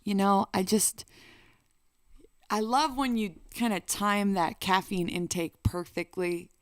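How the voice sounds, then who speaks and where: A woman's voice: mid-range voice, fairly even intonation, slow pace, smooth, dry recording, clean studio sound. A woman singer and vlogger talking casually to the camera in a playful, chatty way. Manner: playful and chatty, bursts into song.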